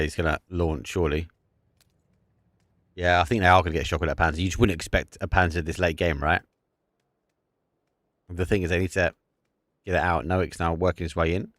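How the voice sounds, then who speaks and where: A man giving live play-by-play commentary on an esports match, excitable and prone to bursting into shouts and laughter at big plays. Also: sits low, no room sound, studio quality. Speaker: esports caster.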